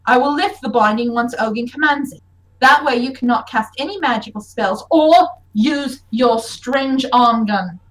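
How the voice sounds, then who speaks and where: A woman's voice: fairly high pitch, moderate pace, distant mic, lightly acted, poor audio. Woman doing a paranoid, snappish female guard. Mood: jumpy.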